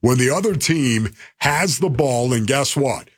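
Man, sports talk radio host, husky, lively pitch, emphatic. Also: measured pace, hardly any pauses. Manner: animated, repetitive emphasis.

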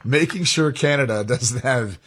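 Husky guy cracking sarcastic sports jokes. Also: mid-range voice, moderate pace, a bit bright. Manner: joking, sarcastic. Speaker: sports talk co-host. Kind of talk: casual sports talk.

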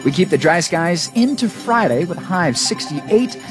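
A man reading a radio weather forecast, clear and even. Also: high-pitched, moderate pace, over music.

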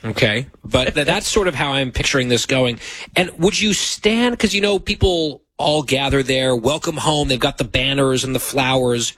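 A man's voice: mid-range voice, moderate pace, fairly bright tone, dry recording. A man in casual chat, teasing and skeptical as he asks questions.

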